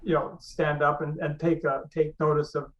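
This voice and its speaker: A man's voice: fairly high pitch, flat delivery, moderate pace, recorded from a distance. A man telling stories as a webinar guest over a video call, laughing as he goes and often restarting his sentences. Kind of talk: casual storytelling. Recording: dull lo-fi audio.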